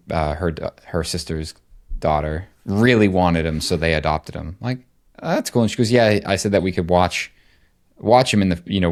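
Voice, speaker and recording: A middle-aged man co-hosting a podcast, telling a rambling, animated story in casual chat. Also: deep voice. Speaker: podcast co-host.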